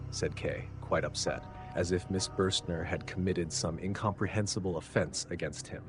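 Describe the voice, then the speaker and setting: A man narrating an audiobook in a measured manner, dropping low for the dialogue tags. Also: steady tone, over music. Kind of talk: scripted narration.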